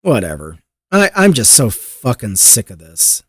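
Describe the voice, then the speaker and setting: A man's voice: mid-range voice, huge pitch swings, measured pace, slightly rough, dry recording, clean studio sound. A man hosting a podcast, ranting in exasperated, profanity-laced commentary on the news. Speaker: podcast host.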